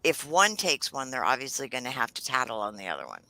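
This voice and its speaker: Bright, crisp speaker with opinions. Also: medium pitch, sing-song, fast, poor audio. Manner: opinionated, reads updates aloud. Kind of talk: casual conversational chat.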